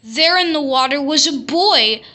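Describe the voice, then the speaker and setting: A woman reading a classic picture book aloud, telling the story slowly and expressively. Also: sits high, lively intonation, sharp tone. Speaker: storybook reader.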